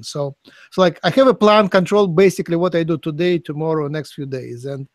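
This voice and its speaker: A man's voice: fairly high pitch, brisk, dry recording. Hesitant man asking questions, dry sound. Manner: searching, hesitant, with restarts and a light laugh. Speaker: interviewer. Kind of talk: conversational questioning.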